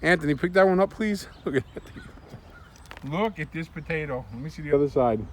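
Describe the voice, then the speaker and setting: A man's voice: on the high side, moderate pace, a little mellow. A man chatting enthusiastically while working outdoors in his garden, recorded on a camera held by a helper. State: out of breath at times. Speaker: homestead vlogger. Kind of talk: casual garden vlog.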